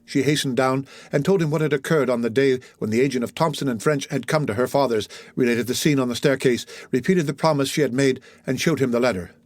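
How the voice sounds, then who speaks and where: Brief: male audiobook narrator, measured delivery, dry close recording. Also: medium pitch, dry recording. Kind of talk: scripted narration of a classic novel.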